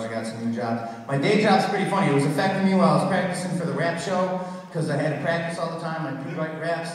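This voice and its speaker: A man's voice: mid-range voice, slight background noise. A man in his thirties doing a crude, rambling stand-up comedy set on a theater stage. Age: 30s. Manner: crude, rambling storytelling with many put-on voices. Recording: echoey hall, from far off.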